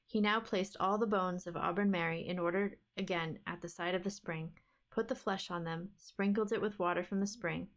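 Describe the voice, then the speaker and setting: A woman reading a fairy tale aloud for a book club stream, in a steady, even storytelling manner. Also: on the low side, normal speed.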